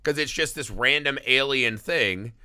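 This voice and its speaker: Animated, profane man riffing on a movie. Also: medium pitch, a little slow, dry recording, studio quality. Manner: animated, profane, rambling with acted-out quotes. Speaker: podcast co-host. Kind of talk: casual movie review chat.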